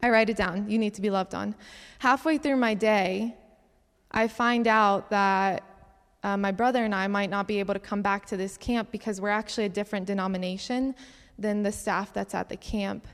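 A young woman giving a sermon-style testimony talk, chatty and animated, acting out the dialogue of her stories. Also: mid-range voice, moderate pace, clean tone. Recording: long reverb of a large hall.

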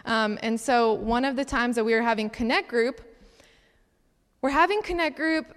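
A young woman giving an animated personal testimony at a church gathering. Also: fairly high pitch, moderate pace. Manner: animated storytelling with laughs. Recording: long hall reverb.

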